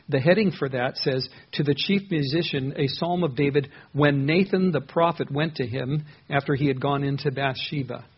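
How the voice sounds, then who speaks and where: Man, pastor, earnest conversational sermon, husky voice, fairly high pitch, dull lo-fi sound. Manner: earnest, conversational preaching with frequent restarts. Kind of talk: expository sermon on a psalm.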